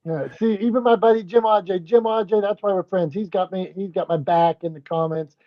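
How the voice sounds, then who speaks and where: A man with a regional American accent hosting a casual podcast chat, playful and excitable, often restarting his sentences. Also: high voice, fairly quick, dry recording. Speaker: host. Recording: slightly dull lo-fi sound.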